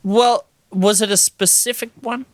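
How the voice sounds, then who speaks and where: Expressive American man on a dry mic. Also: high-pitched, unhurried, dry recording. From United States. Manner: thoughtful, hedging with fillers. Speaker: podcast co-host. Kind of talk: casual chat.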